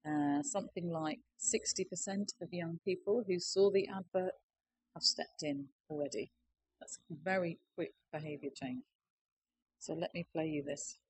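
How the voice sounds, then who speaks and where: A woman with a somewhat low voice speaks at a conference. She explains steadily and persuasively. A faint noise sits under her voice. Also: fairly even intonation, moderate pace, rough recording. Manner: plain, persuasive, explaining with figures. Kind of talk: conference presentation.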